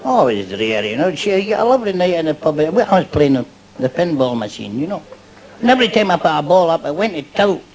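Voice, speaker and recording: A man's voice: a little high, big pitch swings, fast. A Scottish man doing live stand-up, rambling through jokes and chuckling at his own lines. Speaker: stand-up comedian. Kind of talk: live stand-up joke telling. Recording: live club recording with audience laughter and noise.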